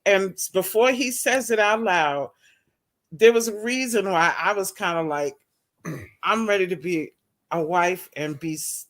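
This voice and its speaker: Animated woman telling a story. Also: lowish voice, unhurried. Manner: animated, acts out both sides of conversations; laughs often while telling. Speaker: guest. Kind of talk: casual storytelling.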